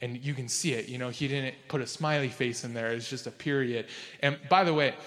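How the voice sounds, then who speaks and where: A man preaching a casual, conversational sermon as a pastor. He uses lots of fillers and jumps up in pitch for emphasis. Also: brisk, fairly bright tone, in a large hall. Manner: casual and chatty, with many fillers like "like".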